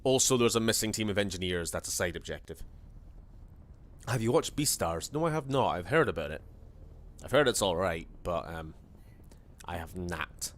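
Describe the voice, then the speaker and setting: A man's voice: low voice, animated, normal speed, pauses often. A man with a Scottish accent, streaming a video game with rambling, jokey casual commentary. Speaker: gaming streamer.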